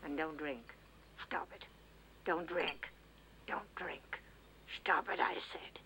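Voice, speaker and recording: An actress playing a sharp-tongued older mother who nags and scolds her grown son, in a dubbed film. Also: mid-range voice, very animated, unhurried, noisy background. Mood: scolding. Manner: nagging, scolding.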